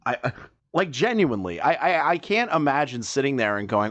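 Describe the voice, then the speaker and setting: A man reacting to a video as a commentary streamer, mocking and swearing as he rambles, with sudden loud high outbursts. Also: sing-song, fairly quick.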